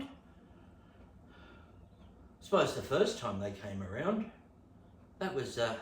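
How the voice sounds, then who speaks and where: A man with an Australian accent rehearsing stand-up, telling a story with lots of swearing and sudden jumps from whispers to shouts. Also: mid-range voice, slight background noise. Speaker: stand-up comedian. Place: room at home. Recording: echoey room, distant mic.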